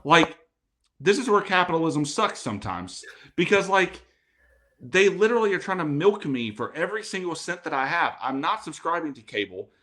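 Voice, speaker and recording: A man's voice: on the high side, moderate pace. A man co-hosting a casual football podcast over a remote call, getting over a cold, talking in a ranting, laugh-filled way. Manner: animated, ranting, laughs often. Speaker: podcast co-host.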